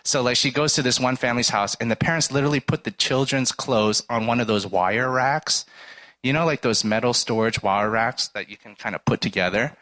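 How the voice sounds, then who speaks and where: A man's voice: mid-range voice, a little fast, pushed and bright. A man giving a sermon in a casual, conversational way, often asking "right?" and acting out little dialogues. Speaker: preacher. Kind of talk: sermon with everyday stories.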